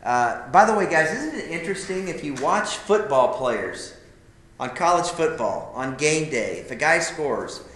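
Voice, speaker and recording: A man's voice: a little high, expressive, measured pace, a bit bright. Emphatic male teacher in an echoey room. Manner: emphatic, addresses listeners as "guys", asks rhetorical questions. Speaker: teacher of a men's class. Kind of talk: conversational teaching to a live group. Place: classroom or meeting room.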